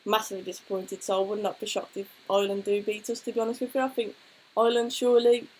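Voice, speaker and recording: A woman's voice: mid-range voice, little pitch movement, fast, darkish tone, slightly rough, poor audio. A young woman, co-hosting a casual football chat and reading out viewer questions. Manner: chatty, reads out viewer questions. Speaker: co-host.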